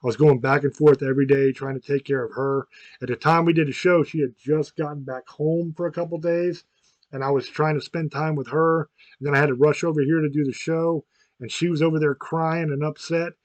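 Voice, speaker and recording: A man's voice: fairly high pitch, little pitch movement, brisk, no room sound. Profane rambling man in his fifties. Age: 50s. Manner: rambling, frank and profane, with many restarts. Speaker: podcast host. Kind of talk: casual chat.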